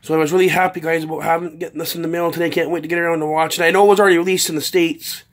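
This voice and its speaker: A man's voice: on the high side, flat delivery, rapid-fire. A man from Canada in a casual unboxing vlog, reading out a long list with many ums. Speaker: vlogger.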